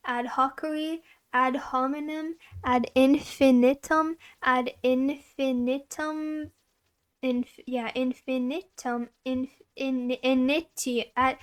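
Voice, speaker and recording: A woman's voice: high voice, clean tone, no room sound. A woman who streams as a vtuber, reading dictionary entries aloud one after another and giggling as she stumbles over hard words.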